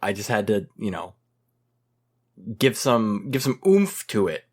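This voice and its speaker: A man's voice: fairly low pitch, big pitch swings, a little mellow. A man hosting a casual gaming podcast, playful and joking, teasing his co-hosts. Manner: playful, joking, quick to tease. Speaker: podcast host.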